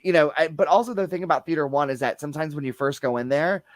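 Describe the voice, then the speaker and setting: A man's voice: on the high side, fast, no room sound. A man, a guest who works at the theater, telling ghost experiences in a casual chat, full of restarts and fillers. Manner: rambling, many restarts and fillers. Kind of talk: casual paranormal discussion.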